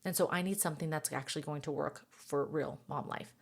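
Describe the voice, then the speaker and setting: Chatty, encouraging woman with a low voice. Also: a little fast, gravelly, husky. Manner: encouraging, chatty, laughs at herself. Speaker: podcast host and mom coach. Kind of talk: casual coaching monologue.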